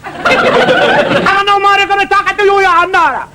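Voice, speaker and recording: Irish man putting on a shrill furious Italian husband. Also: expressive, measured pace, over a noisy crowd, heavy background noise. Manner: shrill mock Italian accent. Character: hot-tempered Italian husband leaving his wife.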